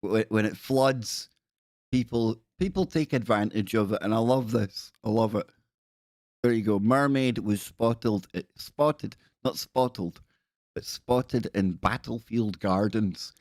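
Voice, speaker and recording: A man's voice: lowish voice, a little slow, no echo, studio quality. A Glaswegian man from Scotland hosting a live stream, chatting in a jokey, rambling way and often breaking off mid-sentence. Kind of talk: casual live-stream chat.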